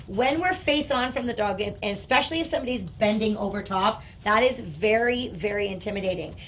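A woman's voice: mid-range voice, a little fast, a little hiss or hum. A woman dog trainer demonstrating and explaining on a live stream, indoors on a training floor. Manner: explanatory, coaxing dog in soft praise. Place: indoor training room with carpet.

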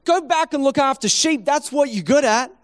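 A preacher doing sarcastic older brothers. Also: male voice, extremely high pitch, moderate pace, dry recording, clean studio sound, pitched above the performer's own voice. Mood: dismissive. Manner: sarcastic, dismissive. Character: weary older brothers, dismissive soldiers.

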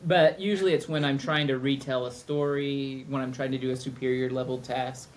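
A man's voice: mid-range voice, steady tone, a little fast. A middle-aged man co-hosting a podcast in casual, joking, rambling chat. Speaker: podcast co-host.

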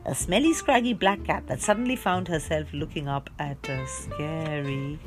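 A woman reading a children's storybook aloud in an animated, giggly, playful way. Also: sits low, normal speed, music in the background. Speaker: reader.

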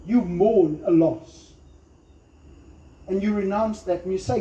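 Pastor preaching in echoey room. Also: male voice, high-pitched, slow, pauses often, warm tone. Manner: emphatic preaching with acted-out quotes. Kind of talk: sermon. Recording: echoey room, slightly dull sound.

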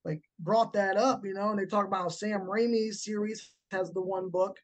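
A man hosting a casual horror podcast chat, animated and quick to act out scenes he describes. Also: sits high. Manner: animated, acts out movie moments with laughs. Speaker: podcast host.

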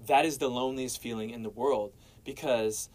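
A man's voice: mid-range voice, normal speed, a little mellow, rough recording. A young man sharing his personal faith testimony as a guest, telling it casually and dropping "man" and "bro" along the way. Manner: casual, storytelling, peppers speech with "man" and "bro".

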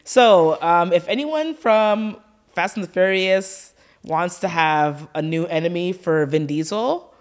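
A woman's voice: lowish voice, slow pace. A woman in her thirties co-hosting a casual chat, telling a story with animation and acting out the dialogue. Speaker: podcast co-host.

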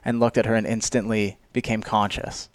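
Co-host, male, lowish voice, lively storyteller with some swearing, dry close mic. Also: a little fast, no echo. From Canada. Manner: animated storyteller, profane. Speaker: podcast co-host. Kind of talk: casual podcast storytelling.

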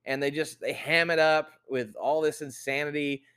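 A young man hosting a casual podcast, swearing constantly and ranting with loud outbursts. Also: a little high, fairly even intonation, normal speed, clean tone. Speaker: podcast host.

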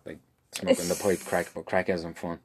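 A man's voice: sits low, little pitch movement, brisk, slight background noise. An Irish man co-hosting a podcast, telling joking stories in casual chat and laughing often. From Ireland. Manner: joking, laughs a lot, self-deprecating. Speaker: podcast co-host.

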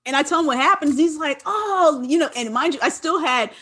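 A woman in her twenties from Los Angeles talks in casual chat, her voice sitting a little high. She tells stories with energy, acts out her own past lines and swears freely. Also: fast talker, sharp tone. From Los Angeles, California. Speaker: guest, wine enthusiast.

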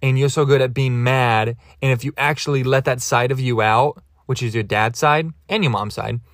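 A man's voice: mid-range voice, moderate pace, a bit bright, no echo. Podcast guy rambling through a funny story, keeps going off track, dry sound. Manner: rambling, digressive, self-mocking. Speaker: podcast host. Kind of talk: comedic storytelling monologue.

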